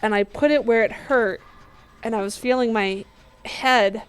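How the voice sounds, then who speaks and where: A woman with a fairly high voice tells a story casually over gameplay. She narrates with animation and slips into voicing her younger self. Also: a little slow, clean tone. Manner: animated, acts out her past self in quotes. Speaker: gaming video host.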